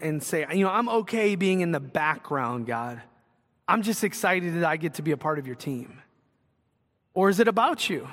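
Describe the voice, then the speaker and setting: A slightly high, fairly bright male voice comes from a Northwest Ohio pastor mid-sermon. Conversational yet earnest, he questions the congregation directly while long hall reverb fills the recording.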